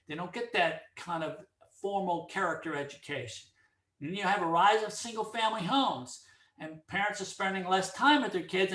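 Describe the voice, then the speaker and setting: A man's voice: high-pitched, roomy sound. A middle-aged man giving a casual opinion monologue, telling stories and acting out the dialogue in them. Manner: animated storyteller, acts out dialogue. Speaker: speaker giving commentary.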